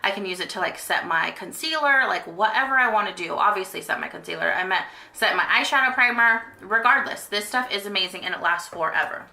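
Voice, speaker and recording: Young woman beauty vlogger, bright and gushing, chatty with lots of fillers, echoey home room. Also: medium pitch, animated, a little fast, vocal fry, few pauses. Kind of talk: casual monthly favorites chat.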